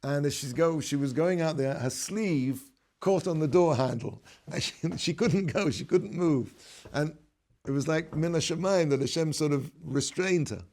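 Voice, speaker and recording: A man, a rabbi, giving a relaxed, conversational Torah lesson, telling stories and mixing in Hebrew terms. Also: on the high side, normal speed. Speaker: rabbi teaching a class.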